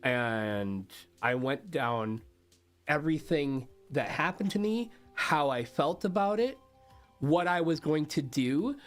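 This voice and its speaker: A man chatting to his stream viewers with a slightly higher voice, animated, swearing freely and often breaking into laughter. Faint music plays under his talk. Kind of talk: casual storytelling to a stream chat.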